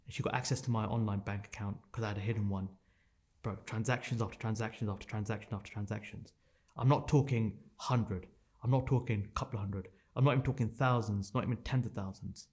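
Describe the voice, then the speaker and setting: A man's voice: fairly low pitch, steady tone, moderate pace, darkish tone. A man in his thirties, a podcast guest telling a painful personal story in a raw, intense way, swearing and repeating phrases for emphasis.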